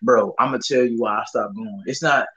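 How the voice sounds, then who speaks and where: Young man, husky tone, laid-back and profane, casual storytelling host. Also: medium pitch, normal speed, fairly bright tone, lo-fi sound. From Southern US. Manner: profane, laid-back, rambling with frequent fillers. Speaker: podcast co-host.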